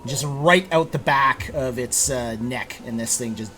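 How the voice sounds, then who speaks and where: A man's voice: medium pitch, measured pace, bright, forceful tone, a little hiss or hum. A man running a tabletop game, explaining rules with lots of fillers and restarts. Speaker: game master.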